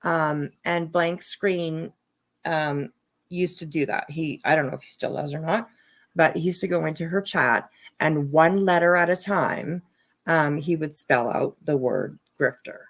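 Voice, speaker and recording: A woman's voice: sits low, unhurried. A woman commentator reading court papers aloud in a casual way, breaking off into profane, laughing asides. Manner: profane, laughing asides between read passages. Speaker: online drama commentator.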